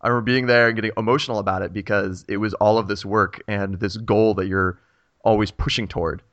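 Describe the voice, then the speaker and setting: Low-voiced male podcast host. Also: steady tone, fast, a bit bright, dry recording. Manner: rambling, rephrased questions. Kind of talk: casual interview chat. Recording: dull dry podcast audio.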